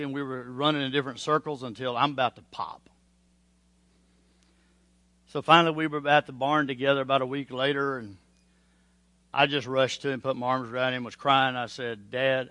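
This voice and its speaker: Middle-aged preacher, bright forceful tone, dry close mic; moves between quiet pleading and loud storytelling. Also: male voice, medium pitch, fairly even intonation, normal speed, no echo. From Oklahoma. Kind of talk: sermon with altar call and personal story.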